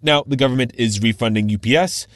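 A man filing a scripted radio news report, with a measured, explanatory delivery. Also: mid-range voice, no echo, studio quality.

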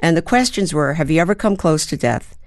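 A woman's voice: sits low, lively intonation, fairly quick, no room sound. Older woman guest, storyteller, fillers and restarts, dry sound. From US (Baltimore). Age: 70s. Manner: reflective storyteller, hums rhythms, hesitant fillers. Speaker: guest, actor and playwright. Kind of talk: conversational interview.

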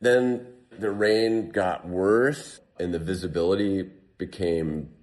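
Male guest, deep register, recounting his story in an easygoing, animated way. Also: slow pace. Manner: animated, heavy use of "like". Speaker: guest telling a survival story. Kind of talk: casual storytelling.

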